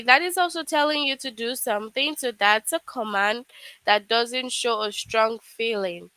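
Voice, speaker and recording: A woman's voice: fairly high pitch, moderate pace, bright, forceful tone, smooth, no room sound, rough recording. A woman teaching a live online English lesson to children, explaining patiently step by step with frequent "okay"s.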